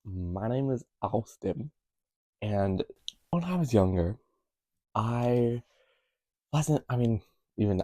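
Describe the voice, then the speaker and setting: Low-voiced young guy rambling on his vlog, mellow, dry close sound. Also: lively intonation, a little slow, long pauses, no room sound. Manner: rambling, self-correcting, wry asides. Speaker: vlogger.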